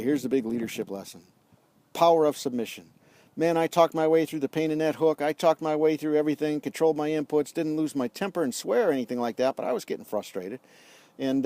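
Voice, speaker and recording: A middle-aged man telling a lively story in a casual vlog outdoors, acting out the dialogue as a leadership coach. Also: medium pitch, dry recording. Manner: animated storyteller, acts out dialogue. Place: outdoors on a golf course.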